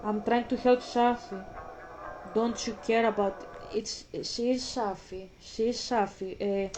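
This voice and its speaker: A woman's voice: on the high side, fairly even intonation, a little slow, a little mellow, soft background music, poor audio. A woman vlogging about a game, talking emphatically, swearing freely and reading scripture aloud. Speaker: gaming vlogger. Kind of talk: casual vlog commentary.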